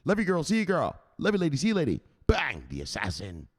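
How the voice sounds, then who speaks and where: Animated, joking man hosting a livestream. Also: fairly high pitch, quick pace, slightly rough. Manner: animated, profane, joking, greets chat by name. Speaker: crypto news livestream host. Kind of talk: casual livestream chat.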